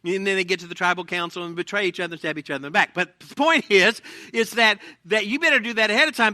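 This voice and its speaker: A male pastor preaching a sermon in an animated way, with asides and acted quotes. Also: high-pitched, fast, no echo. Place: church sanctuary.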